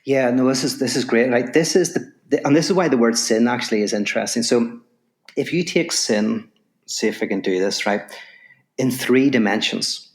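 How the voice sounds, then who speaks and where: A man, the guest on a podcast interview, talking fast and telling stories while explaining ideas. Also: mid-range voice. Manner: animated storyteller, quick explanations. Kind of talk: podcast interview, storytelling and philosophy.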